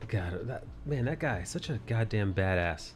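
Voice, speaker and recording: A man's voice: on the low side, animated, moderate pace, soft background music. A man hosting a casual livestream chat, rambling, swearing freely and laughing often. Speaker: livestream host. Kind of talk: casual chat while drawing.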